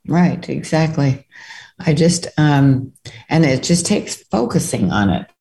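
A woman's voice: deep voice, expressive, takes it slowly, creaky, warm tone. An older woman co-hosting a casual devotional chat, talking in a conversational, earnest way. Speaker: co-host.

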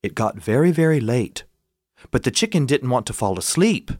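A man from South Carolina, telling a story and breaking into high squawking bird noises. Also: big pitch swings, normal speed, a little mellow, dry recording, studio quality.

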